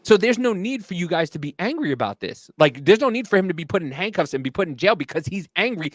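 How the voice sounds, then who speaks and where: A man co-hosting a casual chat, telling a story in an animated, swearing way and acting out angry quotes. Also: high voice, fast talker, no room sound. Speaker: podcast co-host.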